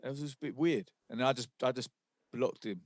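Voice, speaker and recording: A man co-hosting a podcast, recounting things in a laid-back, halting way. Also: medium pitch, no echo. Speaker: podcast co-host, rapper. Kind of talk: casual chat.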